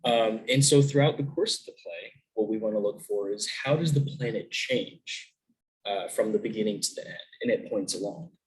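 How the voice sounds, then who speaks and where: A man's voice: on the low side, moderate pace, poor audio. A young man giving a recorded virtual lesson in a casual way, with lots of ums, restarts and questions to the class. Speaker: student teacher.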